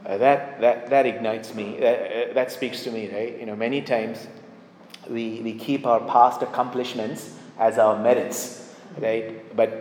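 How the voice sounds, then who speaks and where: A man's voice: mid-range voice, fairly even intonation, a little slow, a little mellow. Emphatic preacher man in echoey hall. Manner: emphatic, repeats key phrases for stress. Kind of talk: sermon.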